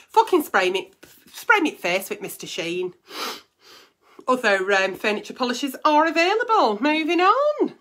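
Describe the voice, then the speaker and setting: A woman's voice: sits high, huge pitch swings, normal speed, long pauses, fairly bright tone. A woman hosting an advice show, blunt and teasing, swearing freely in casual comic chat.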